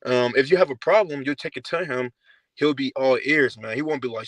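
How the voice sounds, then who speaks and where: A man's voice: medium pitch, fairly quick, no echo, low-quality recording. A man talks scripture in a casual, slangy way and keeps tagging lines with "man." The recording is dry and close, with no room sound. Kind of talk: scripture teaching.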